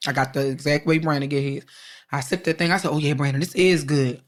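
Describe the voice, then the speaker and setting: A woman co-hosting a laid-back podcast, talking with a slightly low voice. She tells her stories in an animated way, swears freely and acts out every quote. She is a young adult. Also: fast, slight background noise. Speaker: podcast co-host. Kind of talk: casual chat, storytelling.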